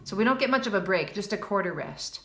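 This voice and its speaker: A woman's voice: medium pitch, animated, fast talker. A woman giving a casual jazz piano lesson, counting beats aloud and scatting lines, with chatty self-deprecating asides. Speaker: piano teacher. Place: room with a piano. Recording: echoey room with piano underneath.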